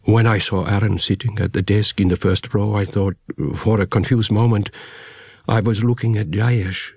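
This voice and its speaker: A man with a husky voice narrating a first-person story in an intimate, reflective way. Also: fairly low pitch, steady tone, normal speed, darkish tone, no room sound. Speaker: audiobook narrator.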